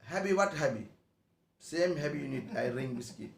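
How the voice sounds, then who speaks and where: A man's voice: a little high, animated, moderate pace, creaky, roomy sound, slight background noise. A man giving a spiritual discourse to a class in broken English, often asking the listeners questions. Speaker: spiritual teacher. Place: meeting room.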